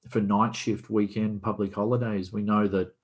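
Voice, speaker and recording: A man's voice: lowish voice, flat delivery, moderate pace, breathy edge. A man from Australia, a podcast guest, explaining business operations in a casual video-call conversation and posing rhetorical questions.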